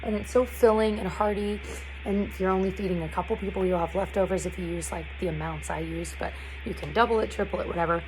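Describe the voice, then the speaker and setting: A woman's voice: medium pitch, fairly even intonation, fast, music in the background, low-quality recording. A young woman chatting casually to camera as a family vlogger, talking loosely with plenty of "like" fillers.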